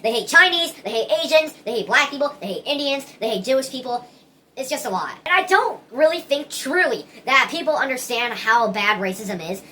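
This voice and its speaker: Bright-voiced woman rambling earnestly. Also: a little high, slight background noise. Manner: earnest, rambling, many restarts. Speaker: vlogger. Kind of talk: casual opinion monologue.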